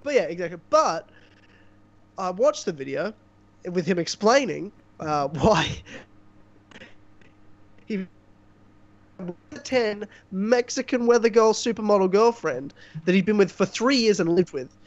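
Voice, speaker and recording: Podcast co-host, man, high voice, rambling and mocking, dull lo-fi call audio. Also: expressive, unhurried, pauses often. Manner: rambling storyteller, mocking impressions of others. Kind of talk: casual chat.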